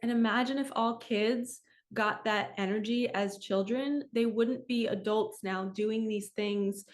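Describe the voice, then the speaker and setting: A woman giving a weekly spiritual energy reading as a coach, talking in an earnest, open way and laughing softly at herself now and then. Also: a little high, fairly even intonation, unhurried. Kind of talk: heartfelt spiritual talk.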